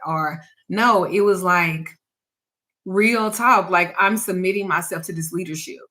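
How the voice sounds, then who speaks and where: Candid spiritual teacher, bright voice. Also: female voice, fairly low pitch. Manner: candid and reflective, trails off with restarts. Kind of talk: casual personal storytelling.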